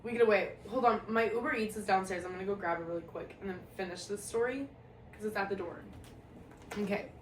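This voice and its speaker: A young woman telling a personal story in a casual, profane, animated way, often breaking into laughter, recorded at home. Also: medium pitch, quick pace. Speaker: storyteller vlogger. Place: at home, indoor room. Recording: echoey room, distant mic, faint hiss.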